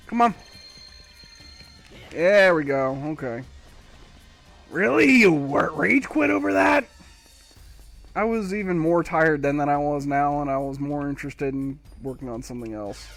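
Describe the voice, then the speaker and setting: A man's voice: a little high, unhurried, long pauses, faint music behind. A man streaming a video game live, rambling to himself with wry, casual commentary as he plays. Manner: rambling, self-talking, wry.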